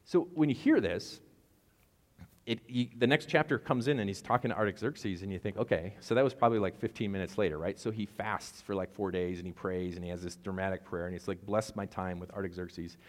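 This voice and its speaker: A man with a lowish voice gives a relaxed, conversational sermon, telling the story with jokes and asides. His voice carries a long reverb, as if he is speaking in a large hall. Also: fairly quick. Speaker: pastor.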